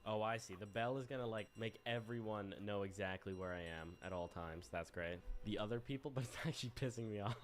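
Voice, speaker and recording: A man's voice: on the low side, a little fast, few pauses, faint music behind. A young man streaming a game, commenting in a playful, teasing, mischievous way as he plays. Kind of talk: casual gameplay commentary.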